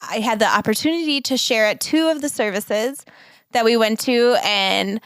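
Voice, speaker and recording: A woman's voice: a little high, moderate pace, clear, resonant tone, no room sound. A woman co-hosting a podcast, talking in an earnest, reflective way and laughing now and then. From United States. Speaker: podcast co-host. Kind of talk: casual chat.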